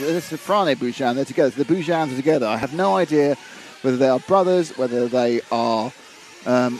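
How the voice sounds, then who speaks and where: A man's voice: a little high, noisy background. A man doing live commentary on a model car race, chatty and reading out viewer comments.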